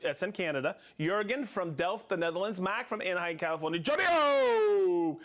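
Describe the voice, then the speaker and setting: A man hosts a live show with a high, bouncing voice that swings all over. He jokes and laughs often as he reads off the names of viewers. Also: normal speed. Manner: energetic, jokey, laughs often. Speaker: host of a live product show. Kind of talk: lively live-stream chat reading viewer shout-outs.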